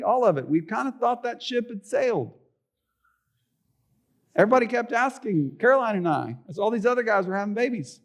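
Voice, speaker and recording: Middle-aged male pastor, slightly high voice, chatty sermon delivery, rhetorical questions. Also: sing-song, fairly quick, vocal fry. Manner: conversational preaching with rhetorical questions. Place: church sanctuary.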